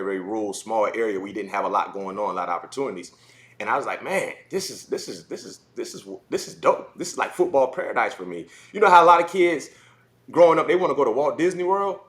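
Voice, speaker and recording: A man from South Carolina in his forties tells childhood stories on a podcast. He talks in a casual, animated way, repeating words and acting out other kids' voices. His voice sits at an ordinary middle pitch. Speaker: former football player guest.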